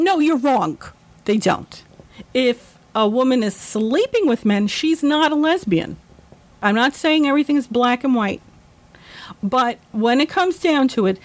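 Furious high-voiced woman ranting. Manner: profane, heated and emphatic. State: worked up and emotional. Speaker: vlogger. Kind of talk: angry rant to camera.

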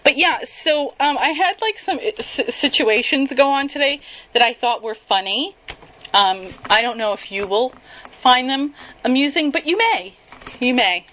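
A woman's voice: high-pitched, lively intonation, unhurried, pushed and bright, poor audio. A woman telling rambling stories in a casual monologue, laughing at herself and swearing freely.

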